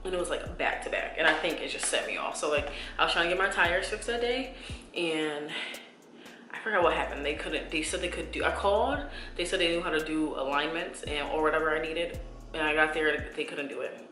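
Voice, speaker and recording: A young woman in her twenties talks straight to her viewers in a casual, rambling way, circling back and restarting as she confides. Her voice comes across bright and forward. The room rings with echo, and soft music plays underneath. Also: sits low, brisk. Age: 20s. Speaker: beauty vlogger. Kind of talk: casual chat.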